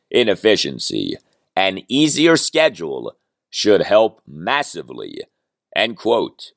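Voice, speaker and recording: Lively low-voiced man on sports analysis. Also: dry recording, clean studio sound. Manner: analytical, emphatic, asks listeners rhetorical questions. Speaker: podcast host. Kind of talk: sports talk monologue.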